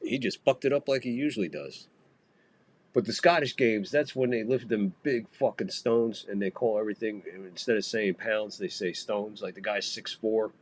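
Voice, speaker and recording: A man from the United States gives casual live baseball commentary on his own podcast. His voice sits low. He swears freely and wanders off into jokes and tangents. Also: moderate pace. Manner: profane, rambling, jokey. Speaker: podcast host calling a baseball game.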